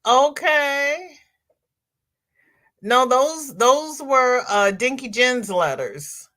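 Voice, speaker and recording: A woman's voice: high-pitched, expressive, extremely slow, a bit bright. A woman hosting a crochet livestream, chatting casually as she reads viewer comments aloud and answers them.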